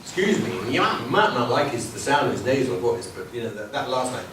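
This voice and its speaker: Lively male lecturer in an echoey hall. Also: medium pitch, a little fast, a little hiss or hum. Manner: lively and digressive, hums and counts beats. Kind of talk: academic lecture with musical examples. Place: university lecture room. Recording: very echoey hall from far off, with music.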